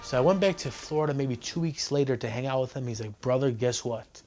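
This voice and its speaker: A man's voice: mid-range voice, fairly quick, over music. Man recounting his story to camera. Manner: storytelling, retells dialogue, many fillers. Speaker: interviewee telling his story. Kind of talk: documentary interview.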